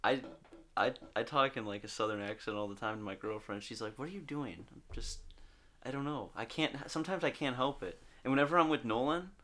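A man's voice: mid-range voice, brisk, a bit bright. A young man co-hosting a podcast, laid-back and rambling in casual chat. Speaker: podcast co-host.

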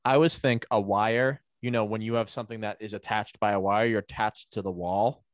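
A man's voice: on the low side, steady tone, no echo, studio quality. Rambling man in casual chat. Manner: rambling, halting, full of "like"s.

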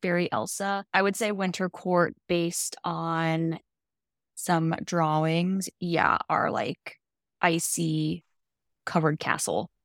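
A young woman co-hosting a casual podcast, chatty and animated as she recaps a fantasy plot with lots of "like". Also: lowish voice, slow pace, vocal fry, dry recording, studio quality. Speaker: podcast co-host explaining fantasy books. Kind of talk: casual chat.

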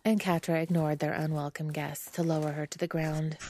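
A woman reading fan fiction aloud as a podfic, in steady, measured narration. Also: low voice, a little hiss or hum. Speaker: podfic reader. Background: background music.

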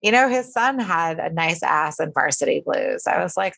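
Young woman co-host, somewhat low voice, loose chatty delivery with frequent laughs. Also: moderate pace, creaky. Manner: animated, laughs often, trails off mid-sentence. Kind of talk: casual chat.

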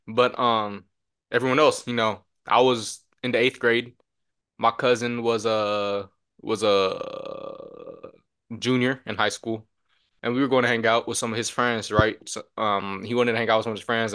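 A young man co-hosting a podcast, telling a story in a loose, animated way and acting out the voices of the people in it. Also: fairly low pitch. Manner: animated storyteller, acts out quotes with shouts. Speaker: podcast co-host. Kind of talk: casual storytelling chat.

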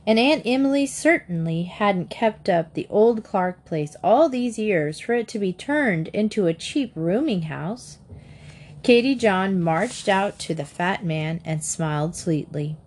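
A woman reading a children's book aloud in a gentle, expressive narration. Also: mid-range voice, measured pace. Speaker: audiobook narrator.

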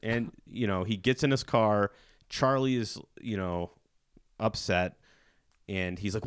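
Guy on a podcast retelling a movie, lively storyteller, lowish voice, dead dry sound. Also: normal speed, no room sound. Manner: animated storyteller, slips into character voices. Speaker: podcast host. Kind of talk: casual movie recap.

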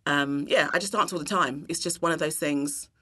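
A woman with a low voice and a bright, forceful edge to it. She chats loosely in an interview, full of "um" and "you know". She breaks into laughter now and then. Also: normal speed. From England. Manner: expressive, bursts of laughter, many fillers. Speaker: interview guest, cooking teacher. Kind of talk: casual chat.

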